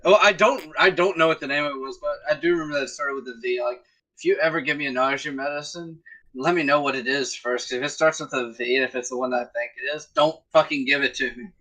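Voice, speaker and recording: A man's voice: mid-range voice, fast, bright, forceful tone, poor audio. A man co-hosting a podcast in casual chat, wry and profane, with laughs between his phrases. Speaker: podcast co-host.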